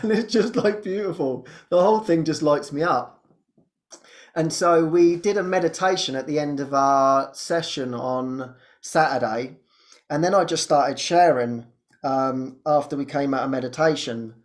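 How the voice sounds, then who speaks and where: A man who hosts a spiritual show, telling a personal story in a casual, animated way and laughing often. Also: a little slow. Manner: animated storytelling, laughs often, jumps high when quoting. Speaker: spiritual teacher and podcast host.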